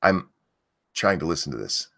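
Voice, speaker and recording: A man's voice: a bass voice, very animated, normal speed, creaky. A man hosting a live stream, reading news aloud and mocking it with blunt, sarcastic, swear-filled commentary. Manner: blunt, sarcastic, swears often, jumps up loud in outbursts.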